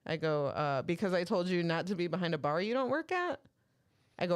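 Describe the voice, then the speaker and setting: A woman's voice: fairly low pitch, a little fast. A woman co-hosting a podcast, telling a story in casual chat, swearing freely and acting out what each person said. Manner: animated, swearing, acts out dialogue. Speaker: podcast co-host.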